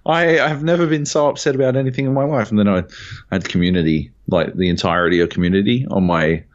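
A man co-hosting a casual podcast, jet lagged and animated. His voice sits low, and he swears freely as he tells his stories. The recording sounds dull and lo-fi. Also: fast. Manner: animated storyteller, swears a lot. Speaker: podcast co-host. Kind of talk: casual chat. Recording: dull lo-fi audio.

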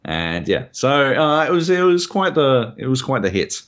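A man's voice: mid-range voice, very animated, moderate pace, a bit bright. A young Australian man, a podcast co-host, rambling through a casual chat and swearing freely.

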